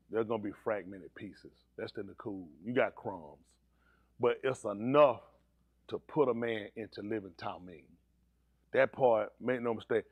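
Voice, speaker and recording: A male pastor preaching a sermon, swinging between low, steady teaching and high, shouted preaching, teasing members of his congregation. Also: no echo, highs cut off.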